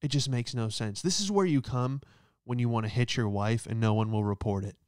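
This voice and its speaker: A male comedian in the middle of a stand-up monologue, sarcastic and rambling, checking in with a steady "all right?" His voice sits at an ordinary pitch with a smooth, resonant clarity. It is recorded dry and close, with no room sound. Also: brisk, no echo. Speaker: comedian host.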